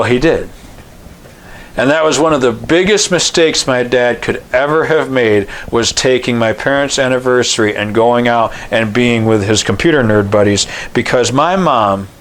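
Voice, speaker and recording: A man's voice: mid-range voice, fairly bright tone. A middle-aged man, a pastor, preaching a sermon in a folksy storytelling way, acting out the voices of the people he quotes. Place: church.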